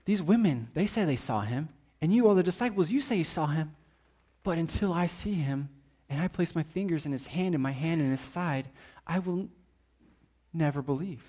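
A man's voice: fairly high pitch, animated, normal speed, mellow. A man voicing a hurt, disillusioned male disciple who speaks with bitter defiance. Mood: defiant.

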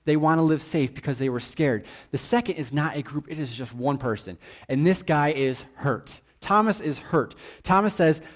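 A man preaching a sermon in an animated, joking, conversational way. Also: on the high side.

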